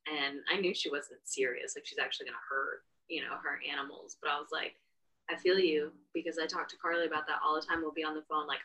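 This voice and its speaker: A woman's voice: sits low, fairly even intonation, fairly quick, bright, forceful tone, distant mic, rough recording. A woman co-hosting a podcast, chatting frankly and casually with some swearing. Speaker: podcast co-host. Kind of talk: casual chat.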